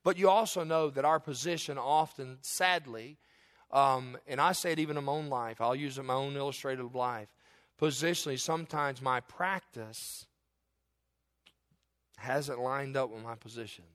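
A man preaching a sermon, telling stories in lively, emphatic bursts. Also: moderate pace. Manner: animated storytelling with sudden loud high bursts. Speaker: pastor.

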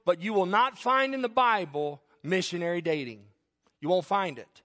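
A middle-aged man, preaching a sermon as pastor. His voice sits high for a man. He talks in an animated way and keeps slipping into the voices of his listeners and of the people in his stories. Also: normal speed.

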